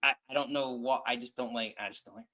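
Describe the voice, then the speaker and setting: A man's voice: medium pitch, fairly even intonation, fast, pushed and bright. A man hosting a casual wrestling podcast, running the segues and asking his co-host for picks. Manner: upbeat, moves the show along with segues.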